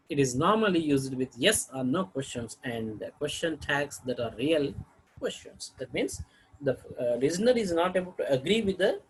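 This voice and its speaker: A man teaching an English intonation lesson, reading each example sentence twice and often clearing his throat. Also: fairly high pitch, low-quality recording.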